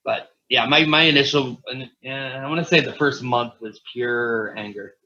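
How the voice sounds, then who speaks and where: A man's voice: mid-range voice, normal speed, pushed and bright, slight background noise. A man co-hosting a podcast in casual chat, telling stories with lots of swearing and laughter. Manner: profane, laughing storyteller. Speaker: podcast co-host. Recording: dull lo-fi sound.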